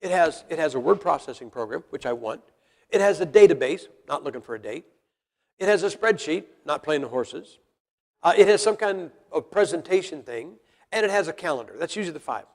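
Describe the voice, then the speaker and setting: Gravelly man preaching in a hall. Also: fairly high pitch, expressive, a little fast. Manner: blunt, folksy, rhetorical questions to the congregation. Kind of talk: sermon. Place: church hall with congregation. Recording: long reverb of a large hall.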